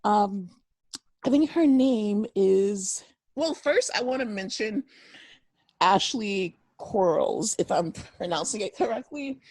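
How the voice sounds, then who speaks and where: A woman's voice: mid-range voice, animated, takes it slowly, a little mellow, dry recording. A young woman co-hosting a podcast, gossiping in a casual chat and laughing often. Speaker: podcast co-host.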